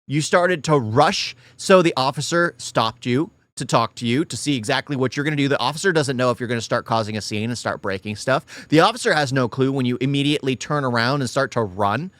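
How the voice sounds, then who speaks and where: A man's voice: medium pitch, lively intonation, a little fast, few pauses, fairly bright tone, dry recording. A man hosting a reaction video and commenting on a clip in a sarcastic, exasperated way. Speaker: reaction channel host.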